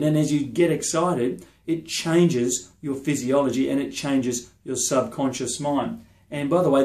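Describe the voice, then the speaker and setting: Male sales coach, mid-pitched, punchy and repetitive motivational delivery, echoey room sound. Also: a little mellow. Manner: emphatic, repetitive, keeps checking in with the listener. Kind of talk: motivational talk to camera.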